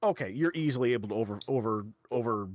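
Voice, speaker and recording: A man narrating as game master in a tabletop game, halting and playful, with many fillers and restarts. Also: medium pitch, lively intonation, noisy background.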